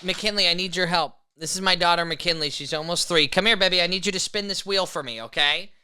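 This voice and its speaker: Young male co-host, very bright sharp tone, laid-back banter. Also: high-pitched, brisk, smooth. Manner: laughs easily, relaxed banter. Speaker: podcast co-host. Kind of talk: casual sports chat.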